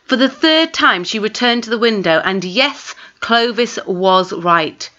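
A woman reads a storybook aloud with lively, animated expression. Her voice is a little high and bright. The recording sounds dull and lo-fi. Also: measured pace. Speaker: audiobook narrator. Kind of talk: storybook reading.

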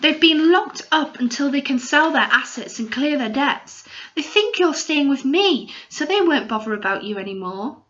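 Casting: a woman playing a determined young girl in a storybook, eager, a bit higher than her narration, slightly dull recording. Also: animated, normal speed, fairly bright tone. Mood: earnest.

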